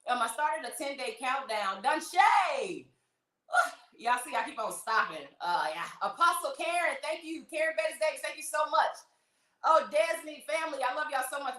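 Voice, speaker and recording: A woman hosting a livestream, greeting viewers by name in a gushing, emotional way, her voice trembling with excitement. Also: a little high, reverberant. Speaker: livestream host.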